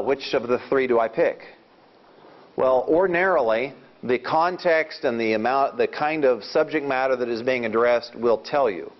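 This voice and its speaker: Man, informal Bible teacher, mid-pitched voice, thinks aloud, restarts sentences, muffled lo-fi recording. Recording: dull lo-fi recording.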